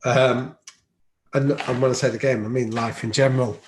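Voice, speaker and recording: A man's voice: mid-range voice, fairly even intonation, normal speed, slight background noise. A man telling stories as a podcast guest, reflective and anecdotal, with frequent ums. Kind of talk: storytelling in an interview. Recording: roomy echo.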